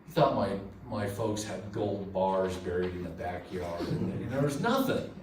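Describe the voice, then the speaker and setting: A man's voice: low voice, big pitch swings, normal speed, a little mellow. A man telling his own recovery story at a meeting, candid and conversational, with many fillers and restarts. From southern California. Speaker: AA meeting speaker. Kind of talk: personal recovery share. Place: meeting room. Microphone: room recording from a distance. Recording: echoey room, distant mic, faint noise.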